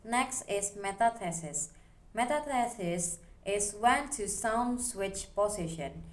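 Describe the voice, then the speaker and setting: A woman reading a phonology class presentation aloud, slowly working through examples one at a time. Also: medium pitch, expressive. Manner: slow, careful, reads examples one by one. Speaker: student presenter.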